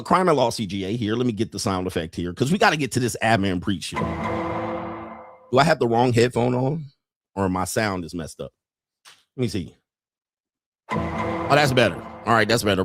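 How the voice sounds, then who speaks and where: Animated profane male livestream host. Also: on the low side, brisk, pauses often, soft background music. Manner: animated, profane, laughs often. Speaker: host and dating coach. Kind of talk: crude comedic livestream commentary.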